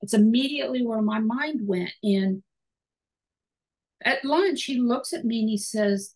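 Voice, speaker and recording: A woman podcast host with a husky, gravelly voice talks in a rambling, reflective way, full of fillers. Her pitch sits in the middle range. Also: a little slow, darkish tone, low-quality recording. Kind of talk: conversational interview. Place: podcast studio.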